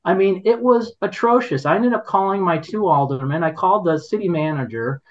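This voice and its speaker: A man's voice: high-pitched, animated, fairly quick, muffled recording. A man hosting a podcast, telling a story in casual chat, indignant and rambling with many restarts. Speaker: podcast host.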